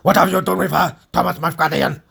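A man voicing a paranoid, aggressive adult man high on cocaine, snarling accusations in an audiobook reading. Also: fairly even intonation, brisk, vocal fry, fairly bright tone, breathy edge, full character voice. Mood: accusing.

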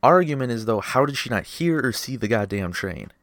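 A man's voice: mid-range voice, animated, fairly quick, fairly bright tone, no room sound. A young man hosting a casual podcast chat, argumentative, swearing a lot and pushing his questions. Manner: argumentative, swears often, voice jumps up when worked up. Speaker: podcast host.

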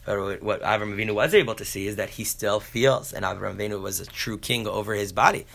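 A man teaching a casual Torah class, spinning a folk tale and slipping into its characters. His low voice is gravelly, with a bright, forward edge. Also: fast. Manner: animated, folksy storyteller acting out the characters.

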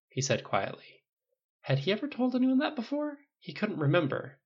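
Male audiobook narrator, gravelly, animated delivery, dull home recording. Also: high voice, normal speed. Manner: lively reading, voices raised for dialogue. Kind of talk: fan fiction audiobook reading with voiced characters.

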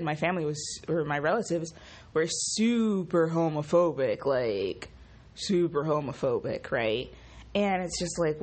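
A groggy young woman who just woke up, talking in a casual vlog with profane, animated, exasperated ranting. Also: on the low side, husky. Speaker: vlogger.

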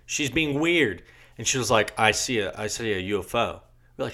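A man's voice: on the low side, lively intonation, fast, pushed and bright. A young man from Virginia, co-hosting a podcast, telling a rambling story full of swearing and restarts. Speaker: podcast co-host. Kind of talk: casual storytelling chat.

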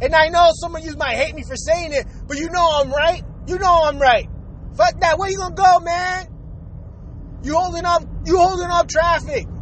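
A man's voice: very high-pitched, brisk, hardly any pauses, fairly bright tone. A young man ranting profanely about traffic while driving, repeating himself. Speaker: vlogger. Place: inside a car in city traffic. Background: faint traffic noise.

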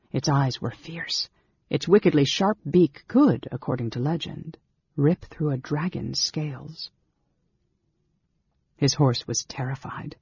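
A man narrating a fantasy audiobook in a measured, dramatic storytelling manner. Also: medium pitch, dark tone, husky, no echo, dull audio. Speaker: audiobook reader.

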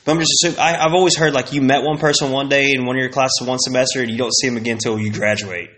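A man in his thirties talks on his solo podcast in a loose, rambling way, full of swearing, slang and fillers. His voice sits at an everyday middle pitch. He drifts from tangent to tangent like a friend chatting. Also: steady tone, very fast, a bit bright. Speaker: podcast host.

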